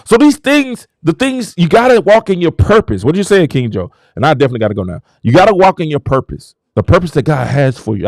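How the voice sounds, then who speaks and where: A high-pitched, fervent man preaching his message with huge swings of pitch, dropping to low murmurs and then bursting into shouts. His voice is recorded close and dry, with no room sound. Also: sing-song, quick pace, hardly any pauses, no room sound. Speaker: show host. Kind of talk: preaching-style motivational talk.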